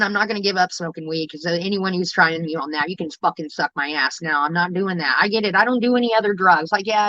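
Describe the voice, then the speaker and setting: Female streamer, unscripted and emotional, heavy profanity, halting delivery; dull, dry home audio. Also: fairly low pitch, sharp tone, dry recording. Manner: raw, emotional, swears constantly, halting restarts. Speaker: livestreamer. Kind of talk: candid livestream talk to viewers.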